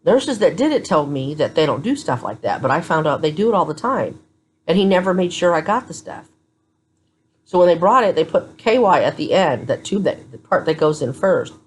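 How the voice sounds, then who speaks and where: A woman's voice: low voice, sing-song, moderate pace, slight background noise. A tired woman vlogging from a hospital room, telling her story to a phone camera in a candid, blunt way. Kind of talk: casual chat to camera.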